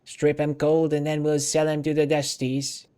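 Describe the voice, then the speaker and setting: A man reading out the lines of an odd old woman seamstress in a slow, sing-song way, speaking of herself in third person with broken grammar. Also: on the high side, monotone, dark tone, smooth, close to an everyday voice. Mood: mumbling. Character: mumbling old woman seamstress, strange and simple. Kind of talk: reading game dialogue aloud.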